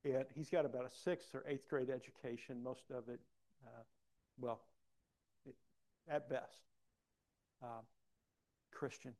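A man preaching a personal testimony, acting out dialogue and swinging from soft to loud. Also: mid-range voice, a little slow, long pauses. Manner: animated, acts out dialogue, big swings in loudness. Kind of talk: sermon storytelling.

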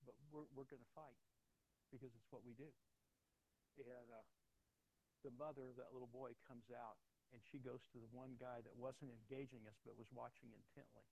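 Earnest pastor telling a story. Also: male voice, mid-range voice, a little mellow, slight background noise, rough recording. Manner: earnest, halting with repeated restarts. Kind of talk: sermon with personal story.

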